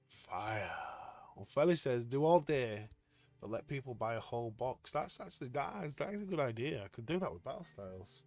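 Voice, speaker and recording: A man live-streaming as he opens trading card packs, chatting excitedly with his viewers. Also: medium pitch, normal speed, faint music behind. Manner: excitable, chatty, talks to chat. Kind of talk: casual live-stream chat.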